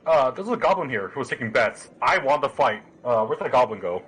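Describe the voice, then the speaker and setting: A man playing a tabletop game, speaking in a hesitant, halting way. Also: mid-range voice, very animated, a bit bright, breathy edge, rough recording. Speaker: player. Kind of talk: casual tabletop play.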